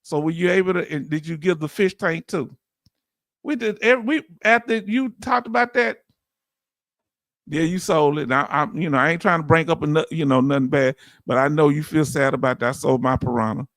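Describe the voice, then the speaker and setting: A man hosting a livestream, talking casually and warmly straight to his viewers, often repeating himself for emphasis. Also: fairly high pitch, a little fast, no room sound. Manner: animated, talks straight to viewers, repeats "let me tell you something". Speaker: livestream host.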